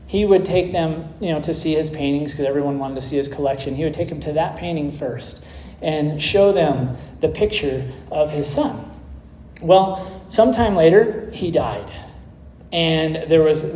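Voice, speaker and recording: A man preaching a sermon, telling a story and closing in prayer, earnest and measured, with small restarts. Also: fairly high pitch, dark tone, echoey room, slight background noise, poor audio.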